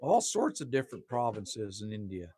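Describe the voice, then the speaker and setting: With a fairly low, slightly mellow voice and a sing-song delivery at moderate speed, a Canadian from Manitoba chats through viewer comments on an evening stream from his cabin outdoors. He stays laid-back and talkative, mocking himself, using mild profanity and often saying "man."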